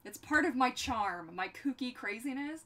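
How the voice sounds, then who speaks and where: This young livestream host's voice sits high and sounds animated and fairly bright as she talks at normal speed. She chats in a goofy, bubbly way while crafting, addresses her pets, and is recorded far from the mic.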